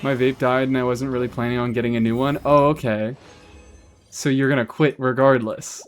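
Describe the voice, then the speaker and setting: A man's voice: medium pitch, fairly even intonation, moderate pace, soft background music. A man live-streaming a game, chatting casually and answering chat, swearing freely as he talks. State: has hiccups.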